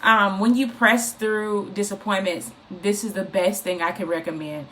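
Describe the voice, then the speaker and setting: A woman giving an informal, encouraging faith talk, speaking in an animated, repetitive, conversational way. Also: medium pitch, moderate pace, a little hiss or hum. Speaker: inspirational speaker.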